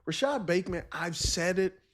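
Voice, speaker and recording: A man's voice: high voice, lively intonation, normal speed, over a noisy crowd. A man, a former pro player, giving emphatic football analysis and repeating his points. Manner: emphatic, repeats points, acts out what defenses think. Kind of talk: sports analysis commentary.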